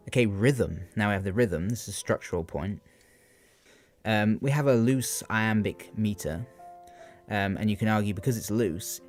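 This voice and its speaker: Young guy with a lowish voice doing revision notes out loud, lots of ums, keeps asking questions, soft music under it. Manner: hesitant, many ums and rhetorical questions. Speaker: student giving exam revision. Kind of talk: unscripted revision talk.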